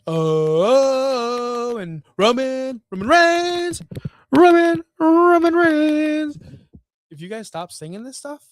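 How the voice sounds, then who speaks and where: A man's voice: high voice, dry recording, clean studio sound. A man hosting a wrestling show, ranting in a blunt, profane, exasperated way. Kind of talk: casual rant commentary.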